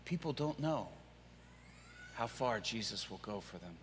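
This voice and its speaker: A man voicing a hardened male prison inmate who is a remorseless killer, speaking low, slow and grave. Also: lively intonation, in a large hall, a little hiss or hum. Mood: earnest.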